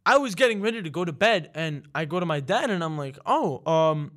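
A man's voice: on the high side, very animated, brisk, a bit bright. A young man co-hosting a sports radio show, chatting casually and stammering over his words when he is teased. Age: young adult. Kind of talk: casual studio banter. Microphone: studio microphone.

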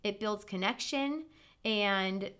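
A woman's voice: medium pitch, slow, a bit bright, clear, resonant tone. A woman in her thirties hosting a parenting podcast, chatting casually and acting out her kids' voices. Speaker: podcast host.

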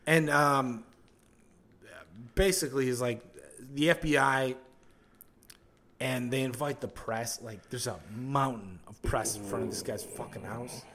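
A man's voice: medium pitch, unhurried, pauses often, fairly bright tone. A man co-hosting a podcast, retelling a film plot in loose, profane casual chat with quoted voices. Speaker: podcast co-host.

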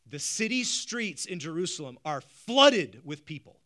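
A male pastor preaching a sermon, animated, with rhetorical questions and frequent stammered restarts. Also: on the high side, measured pace, hardly any pauses.

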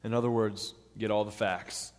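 A man's voice: fairly low pitch, steady tone, moderate pace. Man preaching in a reverberant hall. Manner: earnest, step-by-step teaching with acted-out quotes. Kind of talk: sermon.

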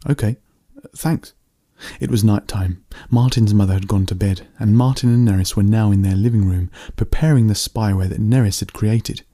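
A man reading a story aloud in a steady, plain narrating voice. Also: on the low side, brisk, hardly any pauses.

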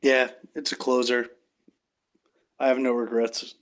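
A man hosting a casual podcast chat, measured and steering the discussion. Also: medium pitch, level tone, fairly bright tone.

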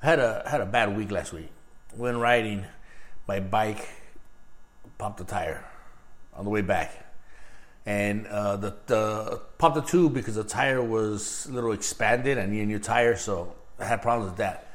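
A man's voice: lowish voice, measured pace. Laid-back man telling a story. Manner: animated, laughing, acts out quotes in a raised voice. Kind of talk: casual storytelling chat.

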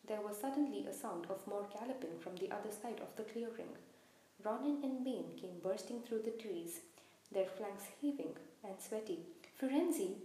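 Female audiobook narrator, measured and expressive, mellow tone, echoey room. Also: medium pitch. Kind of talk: storybook narration. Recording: very echoey room, faint hiss.

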